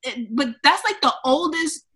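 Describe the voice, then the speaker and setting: A young woman with a high, bright voice chatting as a podcast guest. She tells stories animatedly, acts out what people said, and laughs often. It is loose, casual talk. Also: expressive, unhurried, slight background noise. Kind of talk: casual chat.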